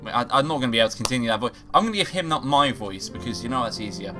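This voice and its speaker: Man, gamer, profane jokey commentary, animated pitch, game music behind. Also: very fast. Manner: swearing, joking, reading dialogue aloud. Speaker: gamer playing a visual novel. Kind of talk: profane let's play commentary.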